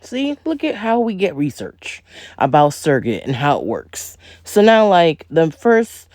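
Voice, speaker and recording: A woman's voice: on the low side, very animated, measured pace, darkish tone, no room sound, clean studio sound. A woman hosting a reaction video, talking straight to her viewers in an indignant, emphatic way. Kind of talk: casual reaction commentary.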